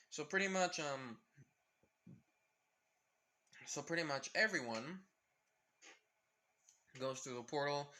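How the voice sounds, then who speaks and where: A man's voice: medium pitch, pushed and bright. A man casually narrating a fan-made crossover story, rambling with many fillers.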